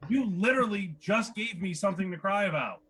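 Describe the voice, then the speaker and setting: A husky male comic with a fairly high voice that swings widely in pitch. He delivers a brash, profane stand-up set in a small club in front of a live audience. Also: expressive, moderate pace, a bit bright. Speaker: stand-up comedian. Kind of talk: stand-up set at an open mic.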